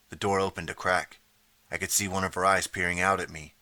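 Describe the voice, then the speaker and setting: A man narrating a children's audiobook in the first person, steady storytelling. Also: low voice, a little fast, no echo.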